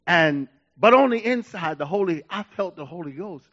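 A male pastor preaching a sermon in an animated way, laughing, repeating himself and telling stories. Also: high voice, normal speed, muffled recording.

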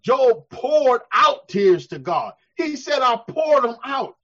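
High-voiced preacher, shouting then hushed. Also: male voice, big pitch swings, slow, dull audio. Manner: preaching with call-and-response, swelling to shouts then dropping soft. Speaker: pastor. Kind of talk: sermon.

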